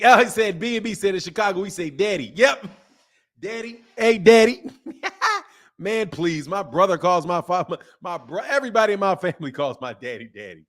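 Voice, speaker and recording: Animated, laughing man hosting a stream. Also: high-pitched. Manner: animated, laughing, emphatic, slangy. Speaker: boxing channel host. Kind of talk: casual live-stream chat reading viewer comments.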